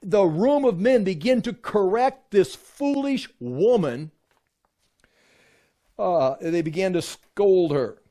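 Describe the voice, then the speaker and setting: Animated man teaching scripture. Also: takes it slowly. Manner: animated, acts out quotes with rising pitch. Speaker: Bible teacher. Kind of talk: teaching a Bible study.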